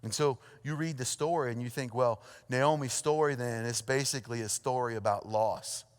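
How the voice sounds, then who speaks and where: A pastor preaching a sermon, telling a story with lively energy, then dropping to a hushed, earnest tone. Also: male voice, medium pitch, moderate pace, clear, resonant tone. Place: church auditorium. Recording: long hall reverb.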